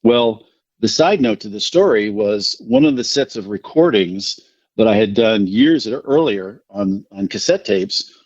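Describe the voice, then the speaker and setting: Podcast guest, middle-aged man from New Jersey, rambling yarn-spinner, somewhat low voice, dry close audio. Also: a little slow, dry recording, highs cut off. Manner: rambling, animated anecdotes with self-deprecating laughs. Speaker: podcast guest, recovery speaker. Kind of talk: casual storytelling.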